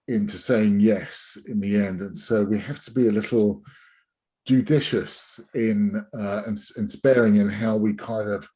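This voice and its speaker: A man's voice: on the low side, a little mellow, slightly rough. A middle-aged man teaching a sales masterclass over a video call, rambling with many restarts and fillers. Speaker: sales trainer.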